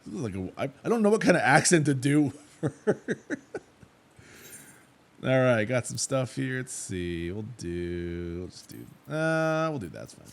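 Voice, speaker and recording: A man hosting a let's play, giving relaxed, casual commentary and thinking aloud with fillers. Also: mid-range voice, normal speed, hardly any pauses.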